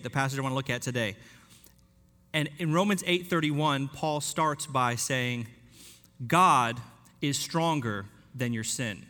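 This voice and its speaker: A man preaching a sermon in an earnest, emphatic way, slowing down and dropping quiet on key points. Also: fairly high pitch. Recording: long hall reverb.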